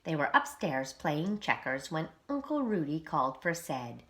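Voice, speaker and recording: Preschool teacher lady reading a kids story, animated, bright voice, lots of ups and downs. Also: low voice, a little slow.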